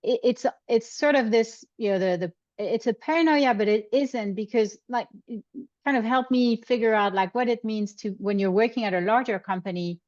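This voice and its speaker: A woman's voice: on the high side, normal speed, a little mellow. A woman hosts a podcast interview and thinks aloud, restarting her phrases many times as she works out her point. Her voice sounds dull and slightly muffled. It is close to the mic and dry, with no room echo. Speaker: podcast host.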